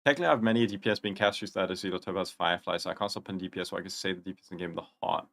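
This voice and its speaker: Young male streamer, gravelly and a touch low; loose, rambling chat with viewers. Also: fairly even intonation, very fast, fairly bright tone. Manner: rambling, answers chat questions, gamer slang. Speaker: livestream host. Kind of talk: casual livestream chat.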